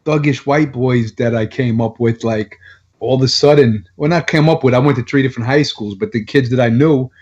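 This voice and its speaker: A man's voice: mid-range voice, a little fast, darkish tone, husky. A middle-aged man from Long Island, a guest telling blunt, profane stories with lots of laughs in a casual podcast chat. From Long Island, New York. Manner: blunt, profane storyteller who laughs often. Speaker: guest rapper. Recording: dull lo-fi sound.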